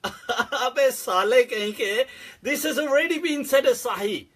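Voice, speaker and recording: A man holds forth in a casual, sarcastic rant, breaking into laughter and swearing freely. His voice sits high and has a husky edge. He talks loosely and bluntly. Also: unhurried, fairly bright tone. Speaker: Islamic scholar answering questions. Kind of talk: casual ranting commentary.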